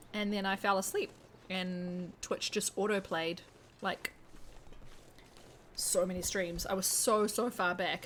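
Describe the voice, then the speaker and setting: A woman's voice: on the low side, fairly bright tone, slight background noise. A woman streaming a game from home, chatting casually and joking, sometimes talking with her mouth full. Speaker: live streamer. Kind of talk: casual live-stream chat while gaming.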